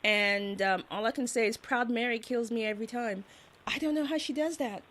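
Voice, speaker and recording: A woman's voice: fairly high pitch, a little fast, a bit bright. A woman hosting a show, chatting in an enthusiastic, gushing way. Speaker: show host. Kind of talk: casual interview chat.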